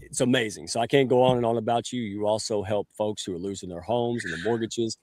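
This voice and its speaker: A man's voice: on the low side, fairly even intonation, fast, darkish tone, no echo. Man, livestream host on a video call, folksy jokester, close and dry sound. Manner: folksy and joking, calls himself a redneck. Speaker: show host. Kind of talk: casual livestream hosting.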